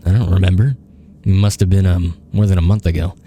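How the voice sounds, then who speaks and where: A man's voice: low-pitched, steady tone, fairly quick, warm tone, natural voice. A man reading the lines of a young male suspect in a video game, answering in short, evasive replies. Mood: guarded. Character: quiet young man under police questioning.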